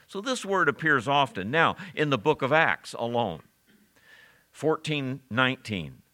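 A man's voice: medium pitch, very animated, measured pace, sharp tone. A man preaching a sermon as a pastor, emphatic and direct, asking his listeners rhetorical questions.

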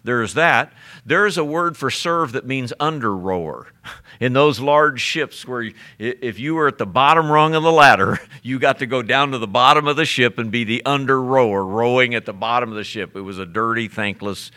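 A man preaching from the pulpit with a bright, forceful voice. He works through his points in an earnest sermon cadence, slowing down and lifting his pitch on quoted verses. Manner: preaching, slows and rises on scripture quotes. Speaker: pastor.

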